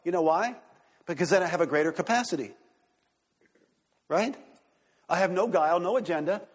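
A preacher man delivering a sermon with lots of energy, his voice sitting fairly high for a man. The tone is husky and a little rough, and he keeps breaking off to check in with the congregation. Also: moderate pace. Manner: excited, animated preaching with congregation asides. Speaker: pastor.

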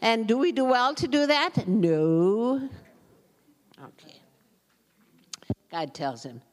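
A woman giving an informal, chatty Bible teaching, reading scripture aloud and laughing often as she comments. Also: on the high side. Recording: long hall reverb.

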